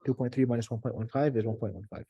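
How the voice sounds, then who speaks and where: A man's voice: medium pitch, fairly even intonation, racing, slightly rough, no room sound, dull audio. A young man tutoring as he works through a circuit problem, thinking aloud with frequent fillers and self-corrections.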